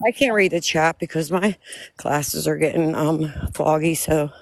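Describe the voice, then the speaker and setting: A woman's voice: low-pitched, a little slow, no echo. Breathless woman chatting while walking uphill. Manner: chatty, warm, apologetic. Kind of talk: casual live-stream chat. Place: outdoors on hilly streets. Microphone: phone held away from mouth.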